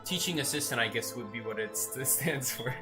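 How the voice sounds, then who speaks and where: A young adult game streamer telling stories in casual chat, animated and often asking "right?". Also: mid-range voice, fairly quick, faint music behind. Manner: animated storyteller, tags lines with "right?". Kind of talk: casual chat while gaming.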